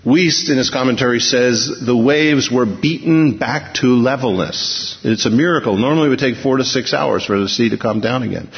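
A man preaching a sermon in a storytelling way, acting out the lines of the people in the story and changing his pace and loudness. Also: medium pitch, moderate pace, gravelly, hardly any pauses. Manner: storytelling, acts out quotes with shifting pace and volume. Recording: dull, muffled sound in a long-reverb hall.

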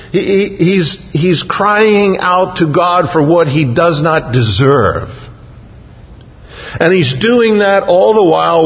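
Earnest preacher in a reverberant hall. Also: male voice, fairly high pitch. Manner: earnest, repetitive preaching cadence with slow emphatic phrases. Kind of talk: sermon. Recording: dull, muffled audio with long reverb.

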